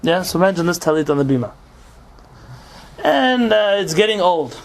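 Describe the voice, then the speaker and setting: A man's voice: high-pitched, sing-song, normal speed, vocal fry. A man teaching an informal religious law class as rabbi, explaining with rhetorical questions and Hebrew terms.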